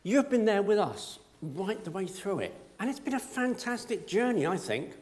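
A man's voice: high-pitched, sing-song, normal speed, darkish tone. A man preaching a conversational sermon to his congregation, with self-deprecating humor.

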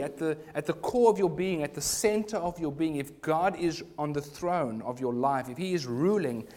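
A man's voice: fairly high pitch, a little mellow. Earnest male pastor preaching a sermon. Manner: earnest preaching, rising to emphatic bursts. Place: church.

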